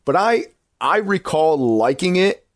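A man's voice: high voice, expressive, unhurried, dry recording, clean studio sound. A man hosting a podcast, chatting casually about films in a rambling, enthusiastic way that circles back and corrects itself. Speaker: podcast host. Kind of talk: casual film-review chat.

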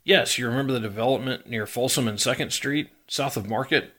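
Casting: smirking suited official, sly and smooth, voiced by a male reader. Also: mid-range voice, a little fast, fairly bright tone, lightly acted.

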